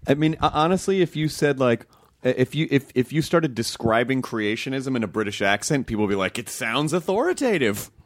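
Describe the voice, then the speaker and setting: A man hosting a podcast, teasing his guest with playful questions in a relaxed chat. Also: mid-range voice, brisk, no echo. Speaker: podcast host. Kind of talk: casual chat.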